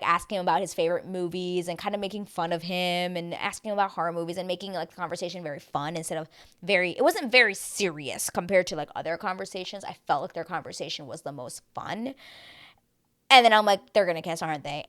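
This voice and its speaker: A woman in her thirties giving a chatty, animated recap, breaking into playful voices when she quotes people. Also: lowish voice, brisk. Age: 30s. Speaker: host. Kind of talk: casual recap chat.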